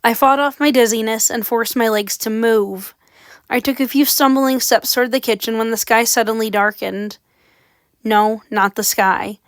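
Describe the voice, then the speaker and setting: A woman's voice: on the high side, fairly even intonation, moderate pace, dry recording. A woman reading a horror story aloud with dramatic, suspenseful narration. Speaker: audiobook reader.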